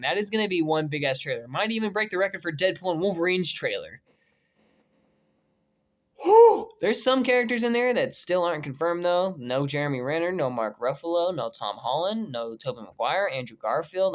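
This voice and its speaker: A young man giving casual reaction commentary on movie casting news, excitable and profane, breaking into shouts of disbelief. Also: a little high. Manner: excitable, swears freely, bursts into shouting.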